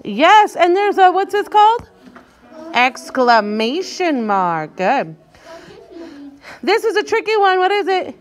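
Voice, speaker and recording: During a guided reading lesson for young children, a high-voiced, bright-sounding woman does the teaching. Her manner is animated and encouraging; she slows down on each tricky word to sound it out and prompts the children to read along.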